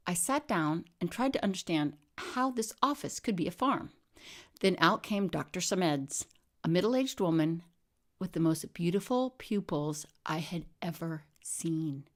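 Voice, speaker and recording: A woman telling a comic monologue in a deadpan, wry way, often dropping into whispered asides. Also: on the low side, unhurried. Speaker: storyteller.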